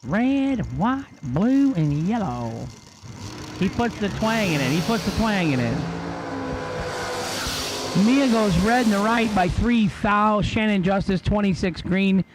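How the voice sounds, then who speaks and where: A man calling drag race results and lane calls in a brisk, joking way. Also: sits high, noisy background.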